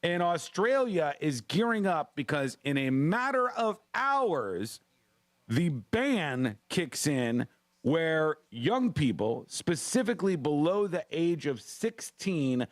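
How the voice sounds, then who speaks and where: Animated, wry male radio host. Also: a little high, slow pace, dry recording, studio quality. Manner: playful, wry, animated delivery. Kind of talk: casual radio talk show banter.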